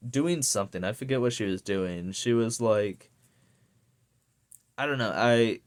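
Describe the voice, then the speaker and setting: A man's voice: mid-range voice, a little mellow, smooth. A young man ranting casually to camera, rambling and swearing with lots of fillers. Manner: profane, rambling, many fillers. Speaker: vlogger.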